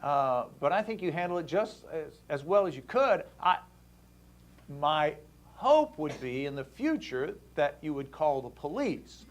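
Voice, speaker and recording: Male talk host, high and lively, animated storyteller who acts out each voice. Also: a little slow. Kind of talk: casual storytelling to a caller.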